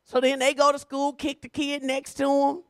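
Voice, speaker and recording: High-voiced woman preaching, dry sound. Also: completely flat delivery, moderate pace, no room sound. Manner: conversational preaching, colloquial, teasing. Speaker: pastor. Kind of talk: sermon.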